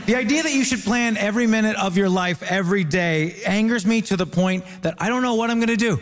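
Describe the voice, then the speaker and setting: A man from Ontario doing stand-up and panel banter in a wry, deadpan, self-mocking way. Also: high voice, fast talker, long reverb tail.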